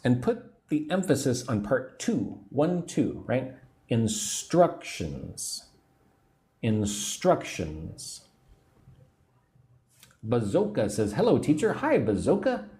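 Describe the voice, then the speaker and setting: An American man in his forties teaching English on a livestream, slowly repeating phrases and drilling pronunciation. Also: mid-range voice, very animated, mellow. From United States. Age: 40s. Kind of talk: livestream English lesson, reading viewer comments.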